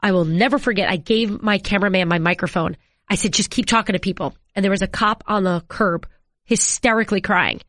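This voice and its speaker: A woman in her thirties, a TV sports anchor, telling stories in a casual interview and acting out quotes with jumps in pitch. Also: brisk, a bit bright, dry recording, studio quality. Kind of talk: conversational storytelling.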